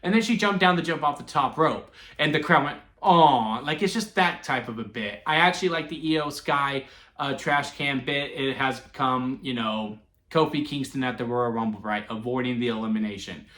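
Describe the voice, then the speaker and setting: A man giving a casual solo wrestling review, chatty and animated, laughing often as he talks. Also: mid-range voice, normal speed. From Texas. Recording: echoey room.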